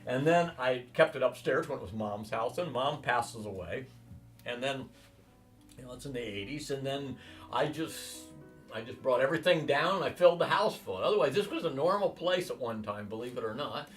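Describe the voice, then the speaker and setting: With faint music behind him and a distant mic, a man in his 60s speaks at medium pitch and normal speed in an interview. He spins long, rambling accounts of his own experiences, animatedly impersonating those he quotes.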